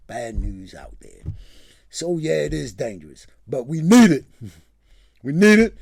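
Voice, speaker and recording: A man's voice: on the high side, creaky, a little mellow, no echo, clean studio sound. A man hosting his own show, giving a rambling and impassioned solo commentary. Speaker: show host.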